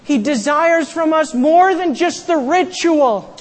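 High-voiced animated preacher in a reverberant hall. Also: slow pace. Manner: animated, acts out quotes and raises voice for emphasis. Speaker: pastor. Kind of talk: sermon.

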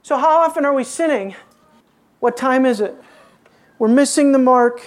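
A woman's voice: a little high, moderate pace. Woman preaching with rhetorical questions. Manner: rhetorical questions to the congregation, dropping to hushed emphasis. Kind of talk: expository sermon.

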